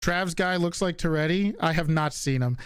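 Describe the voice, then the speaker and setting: A man's voice: fairly high pitch, normal speed, clean tone, dry recording. Streamer, male, slight Northeastern US accent, loose chat with viewers, casual cursing, dry close sound. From Northeastern United States. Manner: reads viewer questions aloud and answers offhandedly, swears casually.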